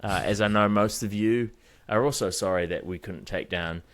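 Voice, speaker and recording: A man's voice: fairly low pitch, normal speed. A man co-hosting a rugby podcast in casual banter, rambling with plenty of fillers. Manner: rambling, filler-heavy, chuckling. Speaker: podcast co-host.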